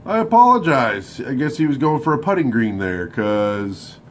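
A man rambling through a casual vlog, swearing constantly and breaking into loud outbursts. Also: mid-range voice, expressive, normal speed, slight background noise. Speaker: vlogger at a vape shop. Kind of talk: casual profane vlog chat.

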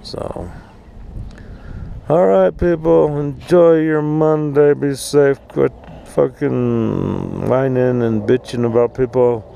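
A man's voice: mid-range voice, steady tone, takes it slowly, vocal fry, warm tone, slight background noise. A man ranting bluntly and profanely in a casual outdoor vlog at an RV park. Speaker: vlogger.

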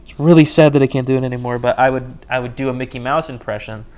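With a medium pitch and quick pace, his voice a little mellow and his intonation fairly even, the young man hosts his solo podcast. He's casual and rambling, joking about himself and restarting sentences often.

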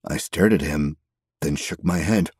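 A man reading a story aloud in the first person, measured and steady. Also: a bass voice, breathy edge, no echo, clean studio sound. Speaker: audiobook narrator. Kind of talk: scripted story narration.

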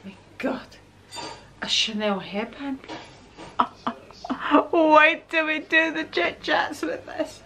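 A woman in her fifties unboxing gifts on her vlog, gushing and stammering with excitement, repeating her exclamations. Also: high-pitched, very slow, noisy background. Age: 50s. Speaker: vlogger.

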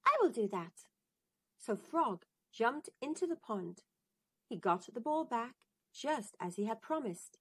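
A woman reading a children's storybook aloud in a gentle, sing-song manner. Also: fairly high pitch, expressive, unhurried, husky.

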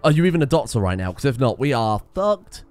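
Excitable gamer guy, lively pitch. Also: quick pace, soft background music. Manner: excitable, swears, laughs at disasters. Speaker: gaming video host. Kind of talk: casual let's play commentary.

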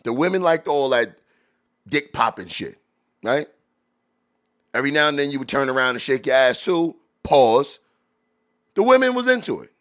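A man hosting a podcast, reacting to old rap videos in loose, animated talk full of drawn-out exclamations. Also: medium pitch. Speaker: podcast host. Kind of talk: casual commentary reacting to music videos.

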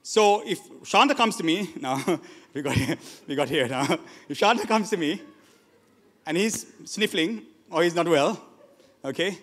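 High-voiced preaching man, big hall. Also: a little slow. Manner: animated preaching, swings from loud exhortation to quiet asides. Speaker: pastor. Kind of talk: sermon. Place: church hall. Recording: long church reverb.

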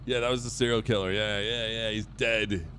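A man's voice: lowish voice, steady tone, moderate pace, sharp tone, slight background noise. A man streaming a role-play game, chatting casually in character and swearing freely.

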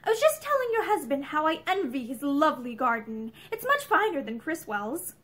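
A courteous, charming gentleman, played by a woman reading a novel aloud. The voice is high and lively, like a storybook reading. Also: moderate pace.

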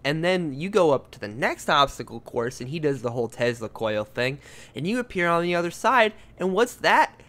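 A man's voice: on the high side, sing-song, moderate pace, fairly bright tone. Joking male podcast co-host. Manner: rambling, joking, laughs often. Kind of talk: casual comedic banter.

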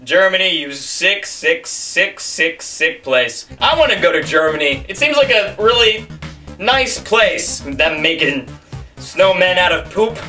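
A man's voice: sits high, expressive, unhurried, pushed and bright. A man co-hosting a comedy show, ranting absurdly in a goofy, mock-serious way with frequent restarts. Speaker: guest co-host. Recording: distant mic with faint music.

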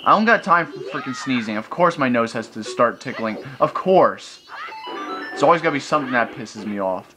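Exasperated young male gamer, lively pitch. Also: moderate pace. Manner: exasperated ranting, frequent exclamations. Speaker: let's play gamer. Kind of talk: gameplay commentary. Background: video game music.

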